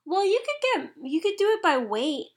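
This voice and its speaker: A woman co-hosting a casual chat about anime, bubbly, excitable and quick to giggle. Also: very high voice.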